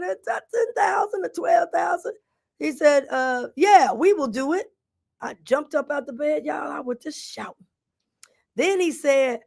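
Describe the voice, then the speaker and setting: A woman's voice: high voice, vocal fry, fairly bright tone. A middle-aged woman radio host and commissioner telling a story in an emphatic, preacherly way, acting out the dialogue. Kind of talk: animated storytelling talk.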